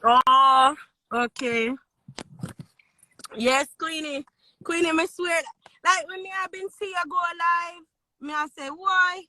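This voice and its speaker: Jamaican woman, excited fan calling in on a phone live stream, high bright voice, close and dry. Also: slow pace, long pauses, dry recording. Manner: gushing, pleading, repeats herself.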